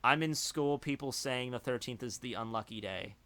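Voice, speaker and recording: A man's voice: mid-range voice, normal speed, fairly bright tone. A young man hosting a livestream, chatting casually and rambling with lots of filler words. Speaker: streamer host.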